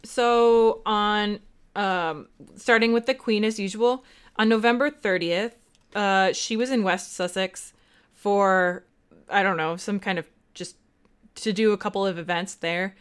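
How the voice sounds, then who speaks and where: A young woman co-hosts a podcast in relaxed, chatty conversation. Her voice is smooth and clear, and she tells stories in an animated, self-deprecating way. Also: medium pitch, a little slow. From United States. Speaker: podcast co-host. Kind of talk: casual chat.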